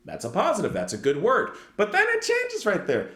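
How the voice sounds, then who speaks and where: A man's voice: fairly high pitch, wildly swooping pitch, quick pace, hardly any pauses, fairly bright tone, echoey room. A man hosting a music reaction channel, reviewing a song in casual, enthusiastic speech that rambles with lots of "like" and restarts.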